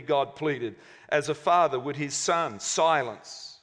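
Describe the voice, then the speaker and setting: Earnest preacher in a reverberant hall. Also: male voice, mid-range voice, a little slow, a bit bright. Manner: earnest, conversational, reading a story aloud. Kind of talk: sermon with storytelling.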